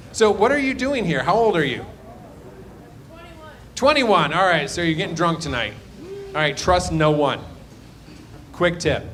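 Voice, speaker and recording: Rambling stand-up comic doing crowd work. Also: male voice, a little high, fairly bright tone. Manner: loose, rambling, mumbles asides. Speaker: stand-up comedian. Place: comedy club.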